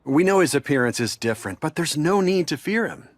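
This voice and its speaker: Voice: mid-range voice, lively intonation, fairly quick, dry recording, lightly acted. A voice actor playing a guarded, suspicious village elder who speaks formally. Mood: wary. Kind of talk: anime dub acting.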